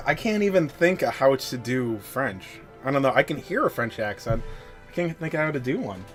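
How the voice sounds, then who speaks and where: A man's voice: medium pitch, expressive, moderate pace, faint music behind. A man chatting casually on a live stream between story lines, swearing, joking at his own expense and easily sidetracked. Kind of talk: casual live-stream chat, reading a game story aloud.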